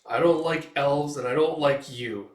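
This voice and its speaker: A man voicing a gruff, cold male swordsman who talks flatly and bluntly. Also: a little high, unhurried, lightly acted. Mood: contemptuous. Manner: flat, blunt. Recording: echoey room, distant mic.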